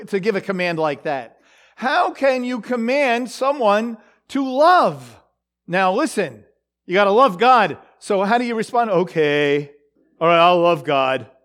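A man giving a conversational Bible teaching, halting with many fillers and restarts and asking his listeners questions. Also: very high voice, sing-song, a bit bright. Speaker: preacher.

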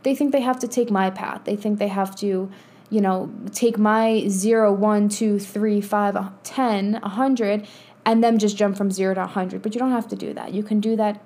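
A woman's voice: mid-range voice, steady tone, moderate pace, a little mellow. A woman in her thirties hosting a casual motivational monologue as a spiritual coach, blunt and profane, laughing often. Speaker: podcast host and spiritual coach.

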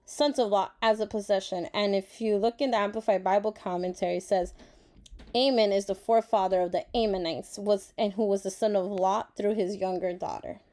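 A woman's voice: mid-range voice, fairly even intonation, brisk, warm tone. A woman giving a casual Bible devotional reading, reflective and earnest, with many fillers, who talks openly about feeling emotional and grateful. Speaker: Bible study vlogger.

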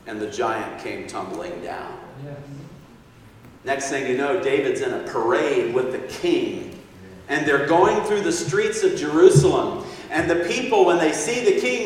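A man's voice: on the high side, slight background noise. A man preaching a sermon, telling a story with acted-out quotes and frequent chuckles. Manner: animated, acts out quotes, chuckles often. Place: large echoey hall. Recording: distant mic in echoey hall.

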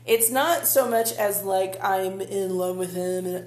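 A woman's voice: mid-range voice, normal speed, echoey room. A woman co-hosting a podcast, chatting casually, ranting with lots of cursing and laughter. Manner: animated ranting, curses freely, laughs often. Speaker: podcast co-host. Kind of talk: casual chat.

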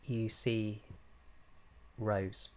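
A man running a tabletop game as game master, narrating scenes in a descriptive, unhurried way with frequent fillers. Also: on the low side, flat delivery, a little mellow.

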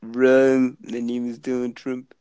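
A man's voice: mid-range voice, completely flat delivery, slow pace, dark tone, clear, resonant tone, lightly acted. A young man doing a comic impression of a boastful older American male politician.

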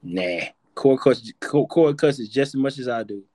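A man's voice: mid-range voice, unhurried, warm tone, no room sound. A man hosting a live audio-room show, talking loosely and profanely as he teases his guests. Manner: loose, profane, teasing banter. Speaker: podcast host.

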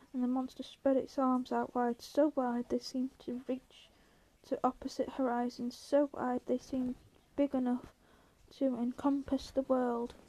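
A woman reads a novel aloud in a steady, measured storytelling voice. Her pitch is high and stays even throughout, and her tone is warm and mellow. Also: rough recording. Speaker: audiobook reader.

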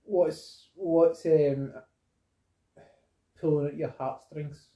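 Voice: mid-range voice, steady tone, extremely slow, dark tone, reverberant. A speaker in casual podcast chat, teasing and setting up scenarios.

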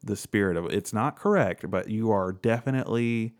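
A man with a very low, deep voice hosts a loose, casual chat. He reads facts aloud and riffs on them with offhand jokes and easy swearing. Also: normal speed. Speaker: podcast co-host.

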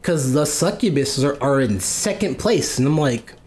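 A man in casual podcast chat, an animated storyteller who acts out quoted exchanges and swears freely. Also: mid-range voice, moderate pace.

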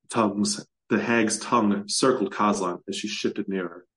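A man from the USA, an author reading his own fantasy story aloud in a measured, steady way. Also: fairly low pitch, poor audio.

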